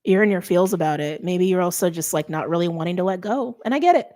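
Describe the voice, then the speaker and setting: A woman's voice: lowish voice, expressive, quick pace, warm tone. A middle-aged woman giving a casual tarot reading, chatty and thinking aloud with many fillers. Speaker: tarot reader.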